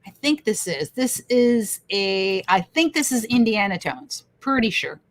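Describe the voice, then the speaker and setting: A woman's voice: medium pitch, animated, unhurried. A woman hosting a casual livestream, reading viewer comments aloud with enthusiasm and frequent laughter. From Canada. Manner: enthusiastic, laughs often, repeats phrases. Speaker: livestream host.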